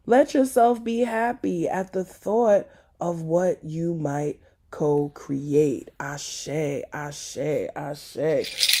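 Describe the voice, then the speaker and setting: A woman's voice: mid-range voice, sing-song, slow, gravelly, dark tone, husky. A woman hosting a motivational spiritual talk, playful and affectionate, laughing often and repeating blessings and chants. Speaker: spiritual teacher and host.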